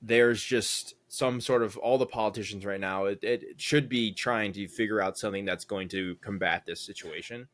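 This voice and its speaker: Young male podcast co-host, low voice, easygoing rambling delivery. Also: moderate pace, hardly any pauses, a bit bright. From United States. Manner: rambling, thinks aloud with many fillers. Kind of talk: casual chat.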